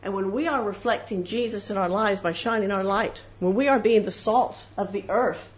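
A woman's voice: mid-range voice, normal speed. A woman preaching a devotional sermon in an earnest way, sometimes acting out the voices of doubters and of people praying. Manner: earnest, acts out little voices of doubters and prayers. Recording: dull lo-fi recording with faint noise.

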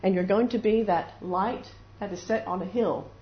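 Speaking at a moderate pace in a medium-pitched voice, this woman preaches a devotional sermon earnestly. She sometimes slips into small imitations of doubters and praying people. Faint noise runs under the dull, lo-fi audio.

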